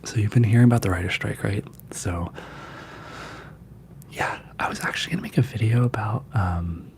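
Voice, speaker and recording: A man hosting a livestream, chatting in a soft, mostly whispered ASMR voice and rambling with many fillers. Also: fairly low pitch, moderate pace, vocal fry, a little hiss or hum. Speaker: ASMR channel host.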